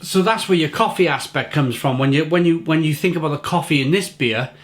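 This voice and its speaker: A middle-aged man talks casually to camera as he tastes a beer, eager and full of praise. He repeats and restarts his words as he goes, and his voice sits a little on the high side. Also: a little fast. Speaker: beer reviewer. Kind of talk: casual tasting review to camera.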